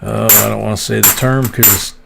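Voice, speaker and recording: A man's voice: lowish voice, steady tone, normal speed, creaky, heavy background noise. A man hosting a coin live stream, chatting casually in a rambling way, with lots of fillers and restarts. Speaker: host of a coin roll hunting live stream.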